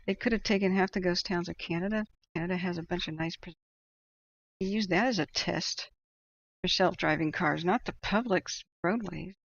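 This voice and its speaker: A woman's voice: lowish voice, normal speed, gravelly, dry recording, highs cut off. A woman hosting a livestream and reading out chat, talking in a casual, opinionated way and laughing often.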